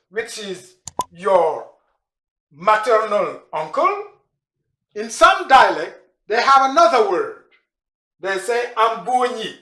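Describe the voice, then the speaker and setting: A man teaching a language lesson, going slowly through words and repeating them, with pauses and restarts. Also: high-pitched, sing-song, bright, forceful tone. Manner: slow, repeats and spells out words; frequent restarts and fillers. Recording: echoey room.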